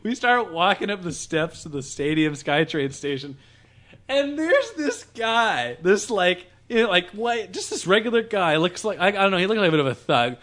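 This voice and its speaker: Animated man telling a story, lively pitch. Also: normal speed. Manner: animated, laughs while telling, lots of restarts. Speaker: podcast host telling a story. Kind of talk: casual storytelling among friends.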